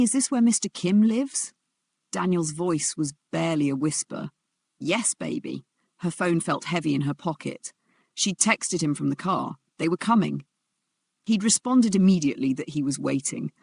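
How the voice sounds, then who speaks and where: A narrator reading a dramatic story in a steady storytelling voice. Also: mid-range voice, normal speed, creaky, husky, no room sound.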